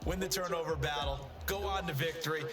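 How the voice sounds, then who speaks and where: An actor playing a color commentator in a football video game, explaining strategy in a coach-like way. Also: male voice, a little high, a little fast, close to an everyday voice. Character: folksy male football analyst. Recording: game audio over loud music.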